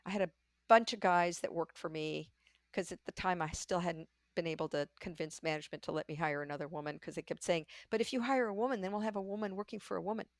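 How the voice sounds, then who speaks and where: An older woman, a podcast guest, telling candid stories about her career in a lively way and acting out the voices she quotes. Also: fairly low pitch, quick pace, no echo, clean studio sound. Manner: lively storyteller who acts out quoted voices. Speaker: podcast guest, leadership coach. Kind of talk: candid conversational storytelling.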